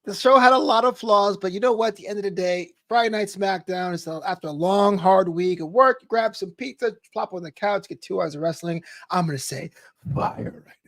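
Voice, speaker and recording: Man co-host, casual podcast. High voice, easygoing, laughs a lot, dry close sound. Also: brisk, dry recording. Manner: laid-back, laughs often, jokey.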